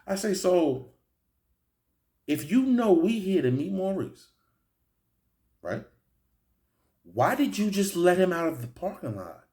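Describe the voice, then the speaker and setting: Animated man telling a street story. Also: high voice, slow, long pauses. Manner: animated, profane street storytelling with acted-out quotes. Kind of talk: casual storytelling to camera.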